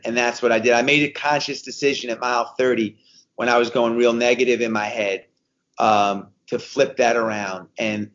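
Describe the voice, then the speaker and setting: A man's voice: mid-range voice, fairly bright tone, highs cut off. A man in his fifties, a podcast guest, telling stories with energy and repeating phrases for emphasis. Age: 50s. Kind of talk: conversational podcast interview.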